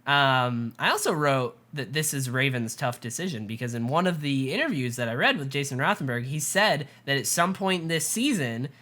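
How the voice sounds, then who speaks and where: A woman co-hosting a casual TV recap chat, retelling scenes with lively quoted asides. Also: a bass voice, normal speed, hardly any pauses. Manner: chatty, animated retelling with quoted asides and laughs. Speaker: podcast co-host.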